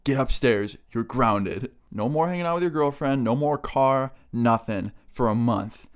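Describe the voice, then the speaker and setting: A man's voice: medium pitch, unhurried, clear, resonant tone, close to an everyday voice. A man voicing an angry, suspicious mother who scolds teenagers. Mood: angry scolding. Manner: scolding, disbelieving.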